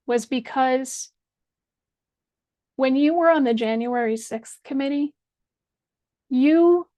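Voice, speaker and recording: High-voiced woman, slow, furious and foul-mouthed, commentator tearing into a politician. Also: a little mellow, dry recording. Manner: angry, blunt and profane. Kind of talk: direct-address video rant.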